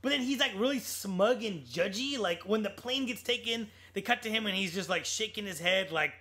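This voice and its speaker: A man's voice: high voice, moderate pace. A man co-hosting a podcast, casually reviewing a film with sarcastic asides, swearing and quoting lines. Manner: animated, sarcastic, quotes movie lines; swears casually, lots of restarts. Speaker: podcast co-host.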